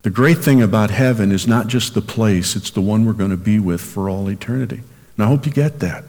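A man's voice: on the low side, fairly quick, a little mellow. A man who is a senior minister, preaching a sermon and rising sharply in emphasis on key phrases. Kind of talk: recorded sermon for radio. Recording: long hall reverb.

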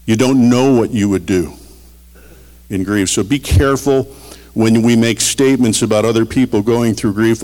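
A middle-aged man preaching a sermon, earnest and storytelling, swinging between loud emphasis and quiet. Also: on the low side, fairly even intonation, normal speed. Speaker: pastor. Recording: long reverb of a large hall.

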